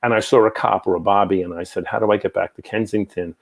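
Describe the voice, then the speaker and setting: A man's voice: on the low side, fast, creaky. A man, telling long rambling stories as an interview guest. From New York. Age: 60s. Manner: rambling, animated anecdotes with many asides. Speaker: guest, psychic medium. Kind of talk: casual storytelling in an interview.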